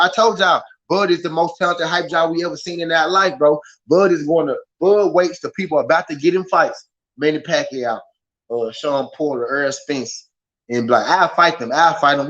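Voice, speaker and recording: A man with a Southern American accent hosting a casual boxing livestream, talking to his chat in an animated, repetitive way. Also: fairly high pitch. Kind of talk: casual live commentary. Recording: slightly dull lo-fi stream audio.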